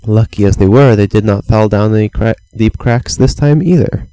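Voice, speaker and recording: A man's voice: fairly low pitch, moderate pace, warm tone, low-quality recording. Playful man telling a bedtime story. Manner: playful, meandering, with sound effects and chants. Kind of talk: improvised bedtime story for a child.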